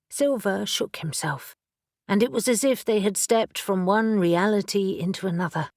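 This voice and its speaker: A woman narrating a fantasy audiobook with steady, even storytelling. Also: medium pitch, normal speed, no room sound, clean studio sound.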